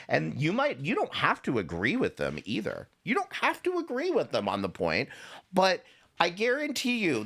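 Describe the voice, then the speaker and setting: A man's voice: medium pitch, a bit bright. A man hosting a stream, ranting profanely and sarcastically while reacting to clips. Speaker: streamer host. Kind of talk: reaction commentary.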